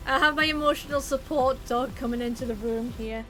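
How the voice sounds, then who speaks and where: A woman's voice: sits high, fairly even intonation, fairly quick, hardly any pauses, fairly bright tone, soft background music. A woman livestreamer chatting casually, rambling and swearing, with lots of fillers. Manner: rambling and profane, with many fillers. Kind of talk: casual stream chat.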